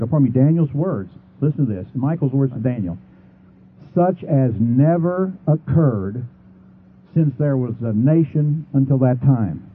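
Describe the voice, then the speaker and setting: A man making a formal debate argument, reading scripture passages aloud and slowing down to stress key words. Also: mid-range voice. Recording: tinny phone-like sound with faint noise.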